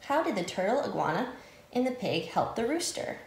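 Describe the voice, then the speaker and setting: Animated woman reading a children's story. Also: mid-range voice, normal speed, creaky, reverberant. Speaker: nutrition educator. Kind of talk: reading a picture book aloud to children.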